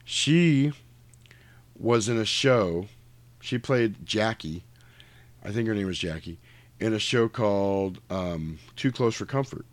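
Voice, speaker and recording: Man, casual movie recap, animated storyteller, dry close sound. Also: lowish voice, takes it slowly, pauses often, dry recording. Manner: animated retelling, acts out lines from the film. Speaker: podcast co-host.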